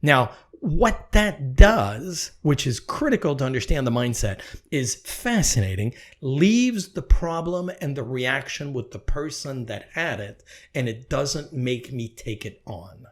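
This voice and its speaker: A man talking as a guest on a podcast, animated and emphatic, often repeating his points. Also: medium pitch, unhurried. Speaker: podcast guest, real estate executive. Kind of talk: podcast conversation.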